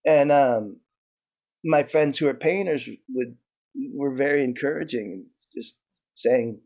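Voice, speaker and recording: A man being interviewed, telling stories in a loose, profane, animated way, with lots of restarts and "like". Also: mid-range voice, a little slow. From New York. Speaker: interview guest. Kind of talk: casual storytelling.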